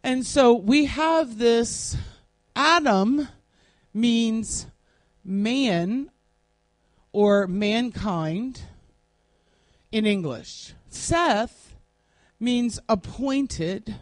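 A woman leads a Bible class at a slow, unhurried pace, setting out each word's meaning one at a time. Her voice is recorded close and dry, with almost no room sound. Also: on the high side, no echo. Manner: deliberate, spells out word meanings one by one. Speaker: Bible study teacher. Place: classroom, writing on a board.

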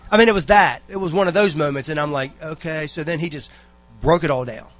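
A man, speaking casually to a church congregation. He rambles in a folksy way, breaking off into asides and stories. The delivery is a relaxed, unscripted church exhortation. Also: on the high side, a little fast. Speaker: church member giving a talk.

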